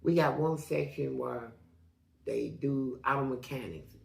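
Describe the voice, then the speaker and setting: Gravelly guy telling wild prison stories, does all the voices, cusses a lot, roomy echo. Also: a little slow. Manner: animated, acts out quotes with big jumps in pitch; profane street slang. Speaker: interview guest. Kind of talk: storytelling in an interview.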